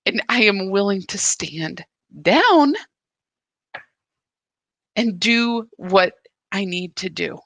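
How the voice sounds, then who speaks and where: A woman's voice: medium pitch, lively intonation, slow pace, pauses often, a bit bright, no echo. A woman hosting a daily spiritual practice, speaking earnestly and emphatically, often restarting her sentences as she reflects.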